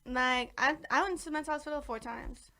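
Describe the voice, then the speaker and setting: A woman's voice: high-pitched, fairly quick, pushed and bright. A young woman talking frankly as a podcast guest, slangy and full of "like" and swearing. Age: young adult. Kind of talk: casual interview chat.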